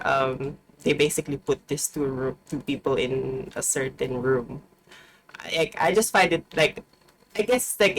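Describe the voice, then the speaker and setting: A young woman from the Philippines, chatting casually with her live viewers in a rambling way, full of fillers. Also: low-pitched. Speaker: streamer.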